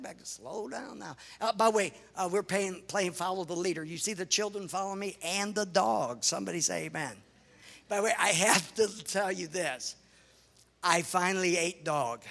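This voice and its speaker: High, gravelly-voiced American preacher man. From United States. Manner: lively anecdotal storytelling with laughter and exclamations. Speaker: pastor and missionary. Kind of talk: sermon storytelling with slides. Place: large church hall before a congregation. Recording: reverberant church hall.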